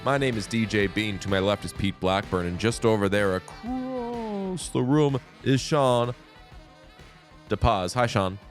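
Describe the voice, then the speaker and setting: A man's voice: lowish voice, lively intonation, measured pace, faint music behind. A man hosting a sports podcast in casual chat, playful and teasing. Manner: playful, teasing, jumps into sing-song bits. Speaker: podcast host.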